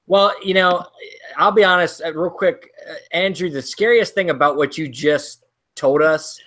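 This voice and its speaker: A man's voice: fairly high pitch, normal speed, sharp tone. A man co-hosting a casual movie talk show, rambling and ranting with lots of ums and restarts. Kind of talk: casual chat.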